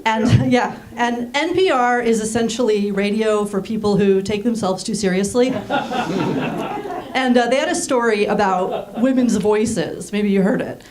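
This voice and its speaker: A woman in her thirties, raised in Germany, doing a deadpan stand-up set on a small theater stage with frequent ums. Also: a little high, a little slow. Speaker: stand-up comedian. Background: audience laughing.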